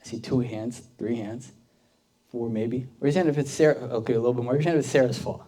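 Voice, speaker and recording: A man's voice: mid-range voice, fairly even intonation, fast, dark tone. A young man, a deacon, giving a casual storytelling sermon to a youth group, talking conversationally with many fillers and questions to the audience.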